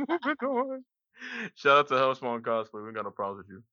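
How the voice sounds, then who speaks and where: A man co-hosting a podcast, trading animated, slangy jokes in casual chat. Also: mid-range voice, brisk, no echo, highs cut off. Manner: animated, joking, slangy banter. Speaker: podcast co-host.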